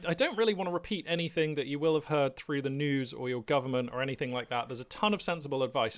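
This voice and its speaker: Chatty rambling Englishman with lots of fillers. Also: mid-range voice. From England. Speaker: gaming channel host. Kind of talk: casual unscripted monologue. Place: small cluttered hobby room at home. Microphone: webcam setup.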